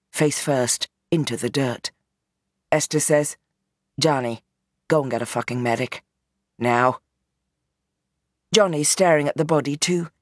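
A woman reading a novel aloud in measured, tense scripted narration. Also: deep voice, slightly rough, dry recording, studio quality. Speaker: audiobook narrator.

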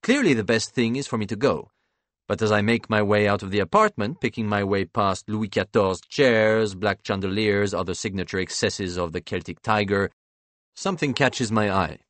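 Wry low-voiced male narrator. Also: no room sound. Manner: wry, expressive, measured. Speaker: audiobook narrator. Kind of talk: literary first-person narration.

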